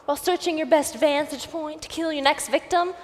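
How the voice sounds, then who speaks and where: A woman playing a bold guest who confronts a suspect with sharp accusations in a school stage play. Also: sits high, fairly quick, natural voice. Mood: accusing. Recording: long hall reverb.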